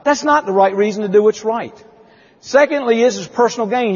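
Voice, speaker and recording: A man's voice: high-pitched, a little fast, slightly rough. A man giving an emphatic keynote speech at a company conference, telling stories and asking the audience questions. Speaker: motivational speaker at a company conference. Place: large conference hall. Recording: dull lo-fi audio with long hall reverb.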